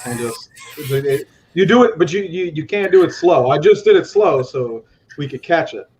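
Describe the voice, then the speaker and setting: A male guest in a casual chat, animated and demonstrative, swearing often as he acts out what he means. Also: a little high, normal speed. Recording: dull lo-fi with faint noise.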